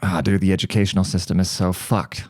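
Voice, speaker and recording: A German podcast host in his thirties, a native German speaker, delivers a comedic monologue as a profane, sarcastic rant full of mocking put-on voices. His low voice is flat and quick, recorded dry with studio quality.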